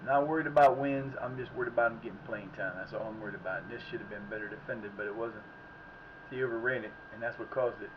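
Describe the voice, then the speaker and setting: A man commentating his own game on a live stream, drifting between quiet muttering and sudden outbursts at the plays. His voice sits in an ordinary middle register, and the sound is a bit muffled, with a faint hiss underneath. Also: mid-range voice, quick pace. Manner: rambling, muttering to himself, reacting loudly to plays. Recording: slightly muffled with faint background noise.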